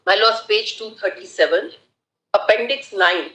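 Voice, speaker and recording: A woman advocate with an Indian English accent making a formal, measured argument in court, deferentially addressing the bench. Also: medium pitch, bright, forceful tone. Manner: measured, deferential, repeatedly saying "my lords". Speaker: advocate arguing a case. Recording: echoey courtroom audio.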